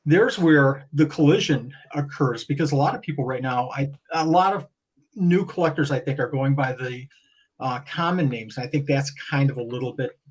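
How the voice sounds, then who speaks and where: A man talking as a guest on a podcast, animated and rambling, often restarting his sentences. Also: mid-range voice, normal speed, slightly rough, rough recording. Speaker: guest breeder. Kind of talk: casual podcast conversation.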